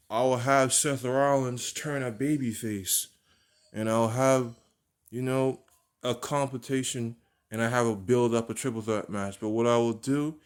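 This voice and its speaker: This man's mid-range voice is clear and resonant as he rambles through an invented wrestling storyline. He's a wrestling fan fantasy booking, and his monologue keeps restarting and repeating words.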